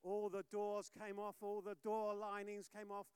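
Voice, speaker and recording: A male pastor preaching a sermon, telling stories with lively swings from loud urging to hushed lines. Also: high-pitched, moderate pace, clear, resonant tone, no room sound. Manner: animated storytelling, swinging from loud exhortation to hushed.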